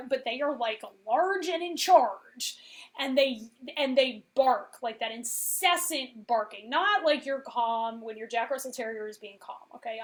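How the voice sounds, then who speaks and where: A woman's voice: high-pitched, rough recording. A woman in her forties, a veterinarian and coach, giving a casual motivational talk and often checking in with "okay?". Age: 40s.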